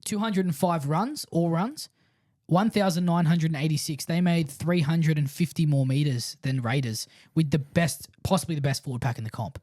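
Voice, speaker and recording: A man's voice: a little high, moderate pace, darkish tone. Chatty man rattling off stats. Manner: enthusiastic, reads out stats, says bro. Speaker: podcast co-host. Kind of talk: casual sports chat.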